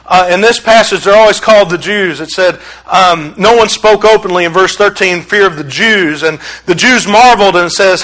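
A male preacher with a very high, bright and forceful voice. He preaches in an animated, joking, conversational style. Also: brisk, few pauses, poor audio. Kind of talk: sermon.

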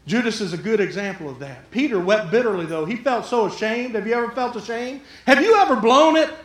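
A man preaching a sermon, lively and jokey, acting out the people in the story. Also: extremely high pitch, reverberant. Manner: lively, jokey, acts out the quotes. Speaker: pastor.

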